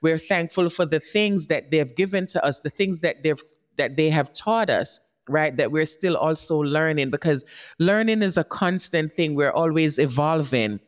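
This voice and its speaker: A woman's voice: low voice, moderate pace. A woman hosting a podcast who gives a heartfelt motivational talk. She speaks straight to her listeners and often checks in with "right?". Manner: warm encouraging, speaks directly to listeners, often asks "right?". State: tearing up. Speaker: podcast host.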